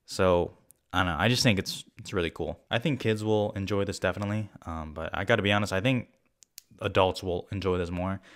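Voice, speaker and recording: A man's voice: sits low, a little fast. Rambling young man reviewing a film. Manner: rambling and excitable, with frequent fillers and swearing. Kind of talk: casual spoken movie review.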